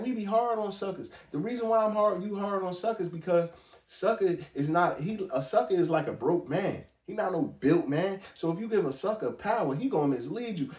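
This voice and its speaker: This man's voice sits on the high side with a darkish tone, picked up by a distant mic in an echoey room. As a podcast host, he offers casual commentary in a monologue of blunt, emphatic street talk, restarting often.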